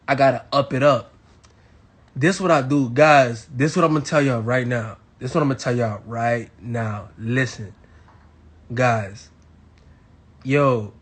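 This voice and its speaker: A young man from Miami telling a crude story to his live audience, animated and swinging between loud bursts and hushed asides. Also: medium pitch, breathy edge. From Miami, Florida. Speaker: livestream host.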